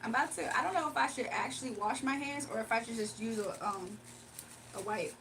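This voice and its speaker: A high-pitched woman chats with her livestream viewers in a loose, animated way, laughing often as she talks. She sits a little back from the mic, and a faint hum of noise runs under her voice. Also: brisk, recorded from a distance, low-quality recording. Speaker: livestream host. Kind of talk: casual livestream chat.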